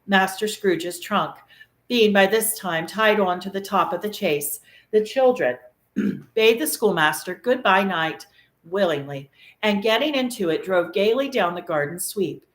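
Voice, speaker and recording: A woman reading a classic novel aloud with expressive, animated storytelling, in a room of an old mansion. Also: lowish voice. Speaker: reader. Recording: echoey room.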